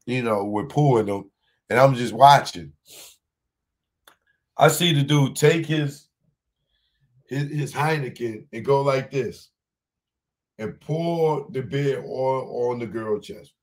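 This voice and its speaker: A male comedian tells a story on stage in a loose, slangy flow, stumbling over and repeating his words. His voice sits in a middle pitch, and he jumps up into high shouts when he acts out other people. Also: takes it slowly, pauses often. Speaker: stand-up comedian. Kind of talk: live stand-up storytelling.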